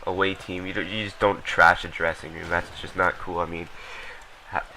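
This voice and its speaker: A young man with a low yet bright, forceful voice talks through his gameplay footage in a loose, rambling way. He fills gaps with ums and uhs and doesn't shy away from swearing. A faint noise sits under the recording. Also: level tone, normal speed, rough recording. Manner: rambling, lots of ums and uhs, blunt and profane. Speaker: gameplay commentator. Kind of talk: casual gameplay commentary.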